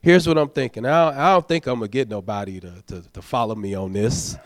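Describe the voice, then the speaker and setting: A man's voice: lowish voice, lively intonation, fast talker, dry recording. A man, a deacon, preaching a sermon, urging the congregation in a conversational, folksy way and prodding them for amens. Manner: exhorting, prods the congregation for amens.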